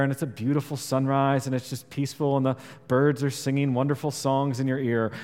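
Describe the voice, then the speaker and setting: A man preaching a sermon. He talks earnestly, swells louder on key points and drops quiet on scripture. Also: mid-range voice. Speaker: pastor. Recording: long reverb of a large hall.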